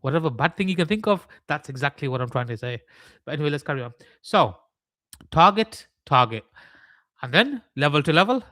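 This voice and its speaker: A man's voice: a little high, sing-song, fast, fairly bright tone, no room sound. A young man hosting a live trading stream, mixing chart analysis with rambling, mock-serious joking rants.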